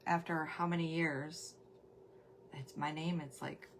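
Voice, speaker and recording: A woman's voice: low voice, steady tone, unhurried, a little hiss or hum. A middle-aged woman hosting a crafting livestream, chatting casually and rambling while greeting viewers by name. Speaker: crafting show host.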